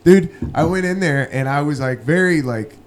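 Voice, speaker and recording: A man's voice: a little high, animated, normal speed, slight background noise. Laid-back young man hosting a podcast. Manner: laughing, storytelling with crude slang. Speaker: podcast host. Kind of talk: casual chat.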